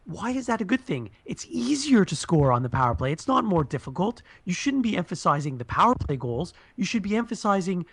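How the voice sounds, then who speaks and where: A man's voice: high-pitched, very animated, brisk, few pauses, fairly bright tone, husky. A man co-hosting a casual sports podcast, earnestly explaining his pet peeves at length. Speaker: podcast co-host.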